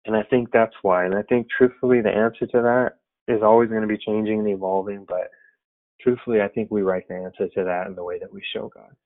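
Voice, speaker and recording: A man's voice: on the low side, level tone, brisk. A man sharing an earnest, reflective personal faith story, talking loosely with many fillers. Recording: tinny phone-like sound.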